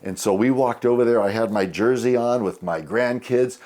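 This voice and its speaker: A man's voice: mid-range voice, normal speed, darkish tone. A man in his sixties, a guest on a podcast, telling rambling anecdotes full of fillers. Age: 60s. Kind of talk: casual storytelling.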